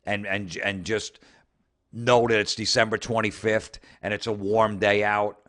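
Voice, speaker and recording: A man's voice: fairly low pitch, little pitch movement, unhurried, fairly bright tone. A man hosting a comedy show, ranting sarcastically with heavy swearing and mocking the people he talks about. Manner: sarcastic, mocking, swears heavily, mimics people in put-on voices. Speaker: comedy podcast host. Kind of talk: profane ranting comedy commentary.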